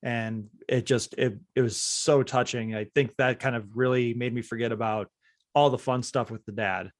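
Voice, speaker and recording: A man's voice: medium pitch, fairly even intonation, moderate pace, no room sound, studio quality. A man hosting a podcast, speaking in an earnest, reflective casual way. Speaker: podcast host. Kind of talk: casual chat.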